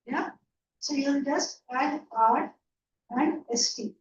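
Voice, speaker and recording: A woman's voice: high voice, takes it slowly. A woman teaching an online English grammar lecture, patiently checking understanding with frequent "yeah?" and "right?". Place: online class from a room. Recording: roomy, distant, dull online lecture audio.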